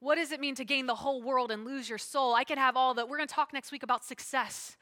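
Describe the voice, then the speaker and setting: Bright, dynamic woman preacher. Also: high-pitched, fairly even intonation, fast. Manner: dynamic preaching, swinging between loud emphatic lines and hushed asides. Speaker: pastor. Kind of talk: sermon.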